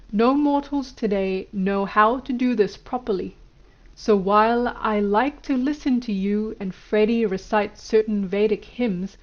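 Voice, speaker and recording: A woman's voice: medium pitch, lo-fi sound, lightly acted. A woman reading the lines of an elderly male guru, lecturing in an instructive way. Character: elderly male Indian guru, stern teacher.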